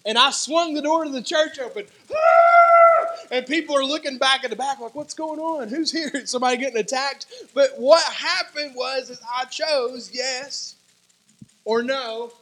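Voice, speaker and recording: A man preaching a sermon as pastor, telling personal stories in an animated way and acting out the dialogue. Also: extremely high pitch. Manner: animated storytelling, acts out dialogue, sudden loud shouts.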